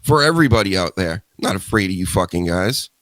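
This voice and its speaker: A man with a deep voice hosts a wrestling talk podcast, ranting casually and animatedly with plenty of profanity. He speaks a little fast, and there's no echo on the recording.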